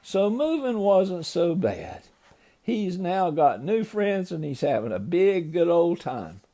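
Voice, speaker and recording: A man's voice: sits high, very animated, slow pace, dark tone. An older man, a grandfather, loosely retelling a children's story to a grandchild, ad-libbing with small slips.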